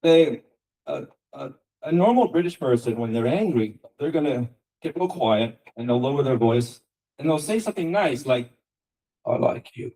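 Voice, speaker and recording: A man's voice: medium pitch, expressive, moderate pace, warm tone, poor audio. An American man giving a university guest lecture in a conversational teaching manner, asking rhetorical questions and checking in with "okay" and "right". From United States. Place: lecture room.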